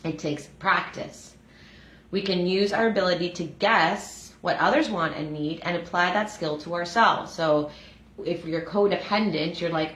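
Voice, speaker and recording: A woman's voice: fairly low pitch, normal speed, a bit bright. An earnest middle-aged woman, a healer, talking through a daily self-help reading in a heartfelt, casual way with lots of "um" and "like.". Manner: earnest, heartfelt, many fillers like "um" and "like". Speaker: energy healer and breath facilitator. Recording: echoey room.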